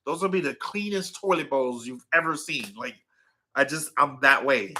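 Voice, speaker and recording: A man's voice: medium pitch, lively intonation, normal speed, pushed and bright, a little hiss or hum. A middle-aged man chatting casually to viewers, rambling and correcting himself as he goes. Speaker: vlogger.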